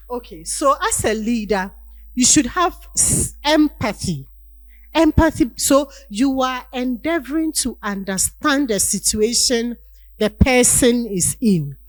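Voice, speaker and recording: A woman's voice: on the high side, no echo, low-quality recording. A woman giving a university lecture on leadership, acting out everyday scenes and asking the class rhetorical questions.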